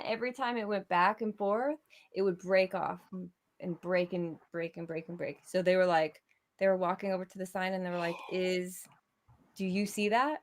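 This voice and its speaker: A woman co-hosting a casual podcast, telling a spooky story with lots of laughs and loose swearing. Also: mid-range voice. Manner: animated, laughing, swearing freely. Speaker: podcast co-host.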